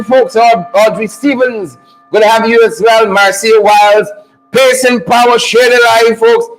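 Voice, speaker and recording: A man hosts a live online show with a lot of energy. His voice sits high, and he keeps repeating rallying catchphrases while greeting viewers one by one. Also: fairly bright tone, low-quality recording.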